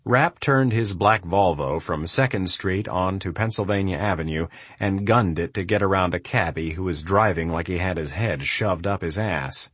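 A man narrating a thriller audiobook in a steady, measured storytelling manner. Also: deep voice, slightly rough, dry recording. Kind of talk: scripted narration.

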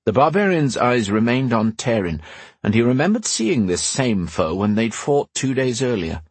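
A man giving steady, measured scripted narration of a fantasy audiobook in a slightly husky voice. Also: medium pitch, no echo.

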